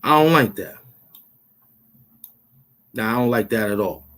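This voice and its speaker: A man's voice: on the low side, a little slow, fairly bright tone. A man hosting his own channel, taunting and repeating himself as he demands money he says he is owed. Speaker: YouTube show host. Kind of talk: confrontational rant to camera.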